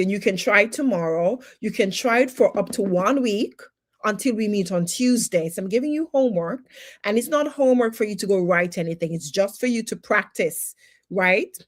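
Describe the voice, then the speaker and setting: Woman educator on a livestream, mid pitch, punchy and preachy, lots of questions. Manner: emphatic, full of rhetorical questions; faith-based encouragement. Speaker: personal development educator. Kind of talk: livestream teaching talk.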